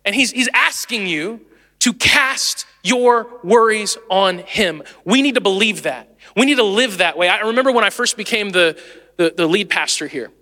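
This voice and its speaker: A man in his late thirties, the lead pastor, preaching a sermon in a chatty, animated way and laughing easily. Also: high voice, moderate pace, long reverb tail. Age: 30s.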